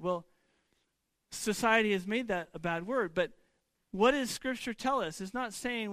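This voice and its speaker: A pastor preaches a sermon in a relaxed, chatty style, stumbling, restarting, and throwing rhetorical questions at his audience. His voice is high for a man and fairly bright, and he keeps a measured pace. The recording is dry and close, with no room echo.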